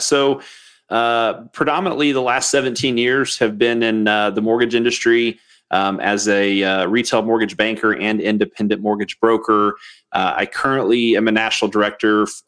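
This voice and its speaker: A man appearing as a podcast guest, modest and relaxed, talking through his career with many small fillers. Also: fairly low pitch. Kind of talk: casual podcast interview.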